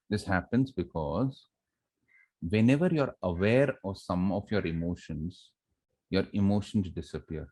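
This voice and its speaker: A man's voice: sits low, a little mellow. A middle-aged man with an Indian English accent giving a motivational lecture to students on facing exams, repeating key phrases and quizzing his listeners with rhetorical questions. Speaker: college academic director giving exam advice.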